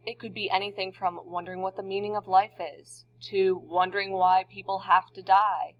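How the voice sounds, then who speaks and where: A woman teacher giving a recorded lesson to her students in a conversational way, asking the class questions. The recording sounds dull and lo-fi. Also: fairly low pitch.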